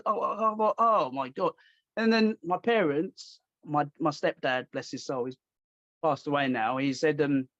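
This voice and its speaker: Man, podcast host, animated storyteller, fairly high voice, dry dull lo-fi sound. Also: no room sound. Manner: animated, acts out quoted voices. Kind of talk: casual storytelling chat.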